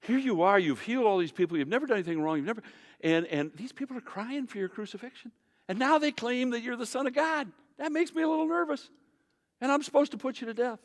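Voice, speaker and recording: A man's voice: very high voice, animated, fast talker, long reverb tail, voice pushed up. A man voicing an anxious, overwhelmed ancient Roman governor, pleading in bewildered questions.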